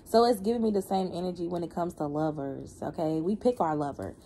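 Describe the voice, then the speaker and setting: A woman giving a casual spiritual card reading, animated and slangy, humming and laughing between lines. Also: lowish voice, a little fast, a little hiss or hum. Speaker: tarot reader.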